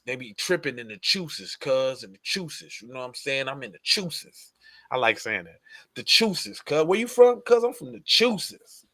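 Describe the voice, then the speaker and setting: A man's voice: mid-range voice, very animated, normal speed, pushed and bright, no echo. Slangy laid-back male podcast host. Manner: laid-back slangy, repeats "cuz", laughs often. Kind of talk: casual podcast banter.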